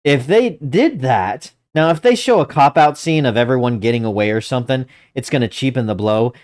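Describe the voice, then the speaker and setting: A woman hosting a reaction video, talking excitedly, stammering in disbelief and laughing as she comments. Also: a bass voice, brisk. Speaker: channel host.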